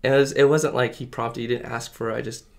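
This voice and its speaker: Speaking fast in a gravelly, medium-pitched voice with a steady tone, a podcast guest recounts his personal faith experience. The casual testimony chat is earnest and meandering, packed with fillers.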